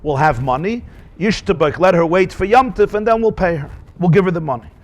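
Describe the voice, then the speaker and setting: Male rabbi, Talmud class lecture; high, very lively delivery with rhetorical questions. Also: fairly quick. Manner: animated, asks rhetorical questions, mixes in Yiddish and Hebrew terms.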